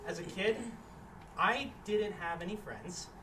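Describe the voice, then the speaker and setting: Deadpan young man with a lively voice. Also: high-pitched, unhurried. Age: young adult. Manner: deadpan, dry answers. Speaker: audience volunteer. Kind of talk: live improv interview. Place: small theater with live audience. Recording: distant stage audio, noisy crowd.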